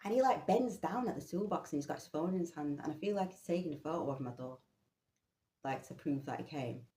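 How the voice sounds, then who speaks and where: A woman telling a personal story in an animated, incredulous way, often laughing. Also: sits low, fast. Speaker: vlogger. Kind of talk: storytelling monologue. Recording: roomy echo.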